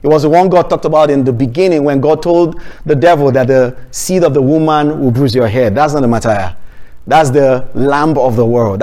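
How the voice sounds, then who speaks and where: Male pastor, fairly high voice; emphatic, repetitive sermon delivery with restarts. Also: darkish tone.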